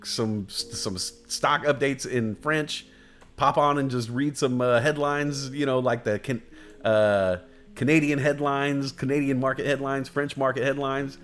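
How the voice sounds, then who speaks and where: Dude on his stream going off, swearing every other word, repeating himself for emphasis, rambling, average pitch. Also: steady tone, unhurried, a bit bright, soft background music. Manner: heavy swearing, emphatic repetition; loose, digressive, chuckles at his own jokes. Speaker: livestream host. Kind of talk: casual rambling rant.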